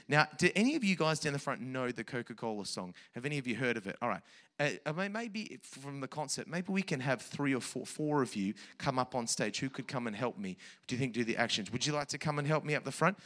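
Bright-voiced, upbeat man. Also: on the high side, big pitch swings, a little fast. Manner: enthusiastic, playful, jokey. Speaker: children's church leader. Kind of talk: energetic church talk to kids. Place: church stage.

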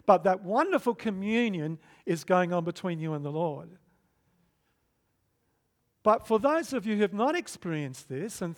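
A middle-aged man preaching a sermon as pastor, swinging from loud emphatic bursts to soft hushed stretches. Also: fairly high pitch.

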